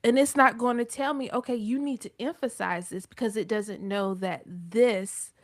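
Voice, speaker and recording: A woman's voice: a little high, fairly even intonation, normal speed, no room sound, studio quality. A woman with a North Carolina Southern accent talking on a live business show, emphatic and acting out quoted speech in changing voices. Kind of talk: casual chat on a live broadcast.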